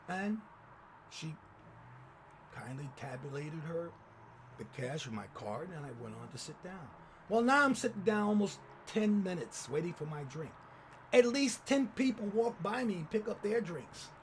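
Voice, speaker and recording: A man hosting his own channel, telling a personal story in lively commentary and acting out the people he quotes. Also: a little high, unhurried, slight background noise. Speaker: channel host.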